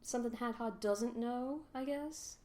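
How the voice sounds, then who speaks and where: A woman's voice: fairly high pitch, a little slow, warm tone. A woman giving casual, rambling, sarcastic commentary over a video game playthrough, laughing often. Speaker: let's play commentator.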